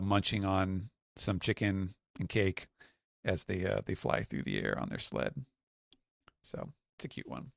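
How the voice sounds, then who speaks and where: A man on a podcast panel chats casually and describes things in a rambling way, with plenty of "uh"s and "like"s. His voice sits on the low side. The sound is dry and close, with no room echo. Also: vocal fry, fairly bright tone. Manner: rambling, filler-heavy description with acted quotes. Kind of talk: casual chat.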